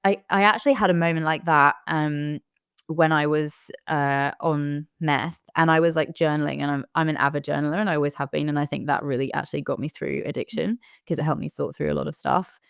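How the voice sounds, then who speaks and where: A woman's voice: sits low, steady tone, a little fast, gravelly, clean tone, no echo, clean studio sound. A young woman telling her own story in a candid, reflective way as an interview guest. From United Kingdom. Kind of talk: casual interview conversation.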